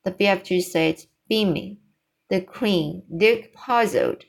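A woman reading a children's novel aloud chapter by chapter, deliberately, with small stumbles. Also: medium pitch, creaky. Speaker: storybook reader.

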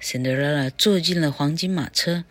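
A woman teacher reading a storybook aloud slowly and carefully in a bilingual lesson. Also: deep voice, no room sound. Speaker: English teacher.

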